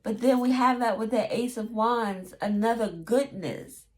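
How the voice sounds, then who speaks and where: Woman doing a chill tarot reading, slow and chatty, does little playful voices. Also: on the high side. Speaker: tarot reader.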